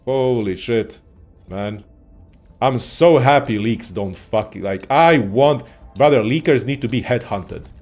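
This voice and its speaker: Male streamer doing loose gaming commentary; sweary, sarcastic, ranting, average pitch. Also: takes it slowly, a little mellow, soft background music.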